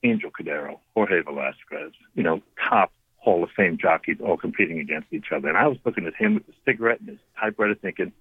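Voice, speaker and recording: A man in his fifties tells family anecdotes as a radio guest, often restarting his sentences. His voice sits fairly low and sounds husky. It comes through a thin, tinny phone line with a dry sound. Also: fast, dry recording. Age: 50s. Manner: lively anecdotal storyteller with frequent restarts. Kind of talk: storytelling on a call-in interview.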